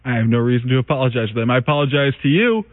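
A man's voice: medium pitch, lively intonation, very fast, dry recording, in a large hall. Laid-back male radio co-host. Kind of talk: radio banter. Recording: narrow phone-like radio broadcast.

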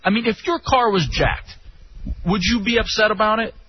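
A young man from Texas hosting a radio show, telling stories in an animated way with casual swearing. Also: high voice, moderate pace, breathy edge, no echo. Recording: dull lo-fi radio sound.

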